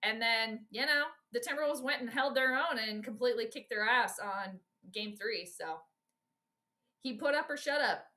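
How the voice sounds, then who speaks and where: Bright-voiced woman giving blunt live game commentary. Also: on the high side, normal speed. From Minnesota. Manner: blunt, exasperated running reactions to play; talks to her viewers directly. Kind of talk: casual live sports commentary.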